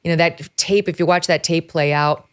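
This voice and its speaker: A middle-aged woman from upstate New York hosting a talk show, animated and emphatic, laughing as she talks. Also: deep voice, a little fast, clean tone. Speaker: host. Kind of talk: casual conversational commentary.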